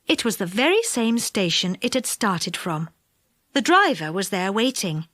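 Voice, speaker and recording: A woman narrating a children's audiobook in an expressive, unhurried way. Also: mid-range voice, no echo, studio quality.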